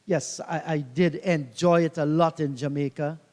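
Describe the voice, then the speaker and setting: A man's voice: a little high, fairly even intonation, moderate pace, a little mellow, in a large hall. A man doing live cricket commentary, telling leisurely reminiscing anecdotes between deliveries.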